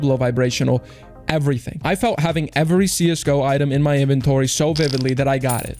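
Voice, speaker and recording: A man's voice: medium pitch, darkish tone. A young man streamer rambling through a profane motivational monologue, intense and preachy. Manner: intense, rapid, profane, self-help preaching with mocking put-on quotes. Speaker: streamer opening cases. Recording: music playing underneath.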